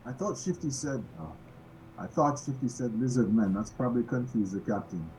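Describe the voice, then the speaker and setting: A man's voice: mid-range voice, lively intonation, normal speed, warm tone, slight background noise, low-quality recording. A man playing a tabletop game, speaking hesitantly with many fillers. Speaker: player. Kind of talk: casual tabletop game play.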